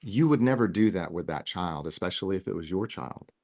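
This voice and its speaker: A man's voice: low-pitched, lively intonation, brisk, darkish tone. A man speaking as a guest in a casual podcast interview, earnest and rambling, with frequent restarts. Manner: earnest, talks in long runs with many restarts. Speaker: wellness guest.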